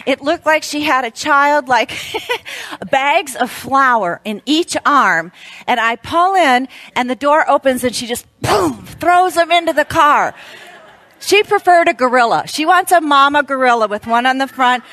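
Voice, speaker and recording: Lively woman telling a story. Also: high-pitched, measured pace. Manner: animated, laughing storyteller. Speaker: women's event speaker. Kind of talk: storytelling talk at a church event.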